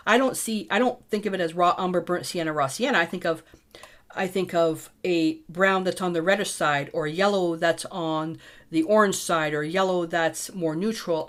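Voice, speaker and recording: A middle-aged woman teaching a casual painting tutorial, chatty and thinking aloud as she mixes colours. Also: fairly low pitch.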